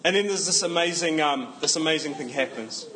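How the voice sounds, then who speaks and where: A man's voice: a little high, a little fast, sharp tone, slight background noise, rough recording. A man preaching a casual sermon, joking asides and emphatic repetition.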